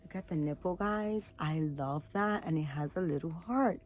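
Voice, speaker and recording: A tired woman talks casually to her viewers, rambling with plenty of fillers. Her voice sits a little low, and a faint room ambience hums behind her. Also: moderate pace, hardly any pauses, a little mellow, a little hiss or hum. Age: adult, has a daughter. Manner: chatty, rambling, many fillers. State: tired, yawning. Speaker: vlogger showing baby doll items. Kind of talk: casual chat to camera.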